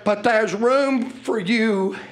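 A man preaching a sermon in a fervent, folksy way, often shouting his lines. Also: high-pitched, takes it slowly, very noisy. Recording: live church sermon with congregation audible. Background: congregation.

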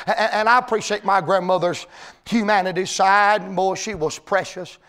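A man preaching a sermon, mixing folksy homespun stories with rising, shouted, drawn-out preaching. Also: high-pitched, fairly even intonation, clear, resonant tone. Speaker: pastor.

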